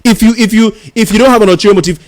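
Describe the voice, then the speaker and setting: A man's voice: high-pitched, rapid-fire. A man hosting a radio talk show, insistently arguing with a caller and repeating himself to hold the floor. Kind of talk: heated on-air argument with a caller.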